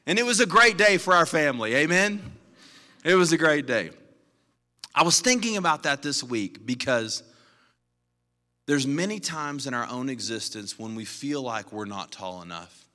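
Pastor guy preaching, bright forceful voice, goes loud then quiet, long echo in a big church. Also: mid-range voice, moderate pace. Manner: animated storytelling, swinging from loud to quiet. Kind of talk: sermon.

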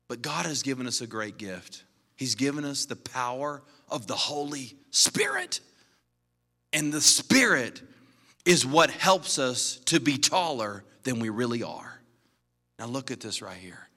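A man preaching a sermon as a pastor, telling stories animatedly and swinging between loud and quiet. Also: medium pitch, very animated, a little slow, big-room sound.

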